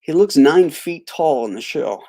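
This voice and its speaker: A middle-aged man hosting a live stream, telling a rambling story full of halting restarts and reading out chat greetings. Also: fairly high pitch, animated, mellow. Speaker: livestream host.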